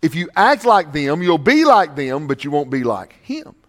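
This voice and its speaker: A man preaching a sermon as pastor, swinging from loud, emphatic lines to hushed ones. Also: fairly high pitch, very animated, normal speed.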